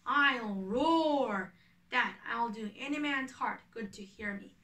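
A woman reading the part of a boastful, eager male weaver who is an amateur actor, with a bright voice, a little high for a woman, in an echoey room away from the mic. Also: takes it slowly, distant mic.

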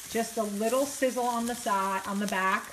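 A woman's voice: on the high side, fairly even intonation, moderate pace, a little hiss or hum, rough recording. A woman, cooking in her home kitchen and chatting casually to her viewers with lots of fillers and self-deprecating asides. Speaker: vlogger cooking on camera. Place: home kitchen, frying at the stove. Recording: home kitchen with loud sizzling. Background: sizzling frying pan.

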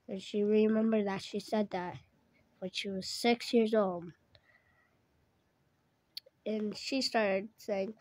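A woman spins an improvised tale at an unhurried pace, wandering through it and correcting herself as she goes. Her voice sits in a middle register and is recorded close and dry. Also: mid-range voice, level tone, darkish tone, dry recording. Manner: rambling, corrects herself mid-sentence. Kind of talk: improvised storytelling.

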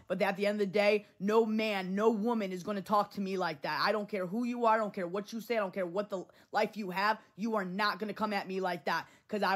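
A woman's voice: on the low side, a bit bright. Blunt, heated woman streamer. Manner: heated, blunt, repeats herself; swears freely. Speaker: livestream host. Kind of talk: casual livestream talk to chat.

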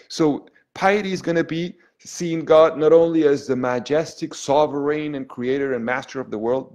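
Earnest priest teaching, loud then hushed. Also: male voice, medium pitch. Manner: earnest, with frequent restarts and checking "okay?"; swings between loud emphasis and soft, hushed phrases. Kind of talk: spiritual teaching to an online group.

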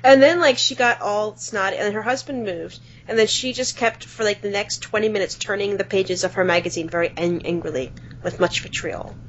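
A woman's voice: medium pitch, fairly quick, hardly any pauses, slight background noise. Playful teasing woman podcast co-host. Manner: playful teasing, affectionate, jokey. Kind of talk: casual chat. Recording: slightly dull lo-fi audio.

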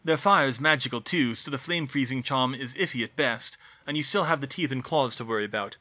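A man voicing a calm adult wizard who lectures in a measured way, in an audiobook reading. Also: medium pitch. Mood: lecturing. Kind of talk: audiobook reading of fan fiction.

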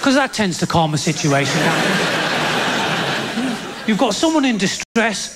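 Stand-up comic ranting on a theatre stage. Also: male voice, lively intonation, a little fast. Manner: bawdy, exasperated rants with sudden high-pitched outbursts. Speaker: stand-up comedian. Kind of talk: stand-up routine. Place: theatre stage with a laughing audience. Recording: live theatre recording with loud audience noise.

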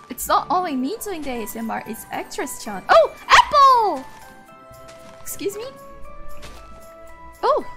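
Very high, bright-voiced excitable woman streamer. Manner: excitable, laughs often, yells at the game. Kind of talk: casual gaming livestream chat.

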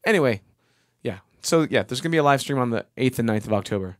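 A man's voice: medium pitch, animated, quick pace. A middle-aged man hosting a music live stream, chatting casually between songs in a rambling way and thanking viewers by name. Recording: long reverb on the voice.

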